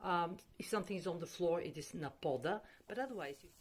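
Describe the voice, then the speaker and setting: A woman's voice: on the low side, fast talker, slightly rough. A woman, a language teacher explaining words in a casual vlog, chatty and full of "okay" and "um".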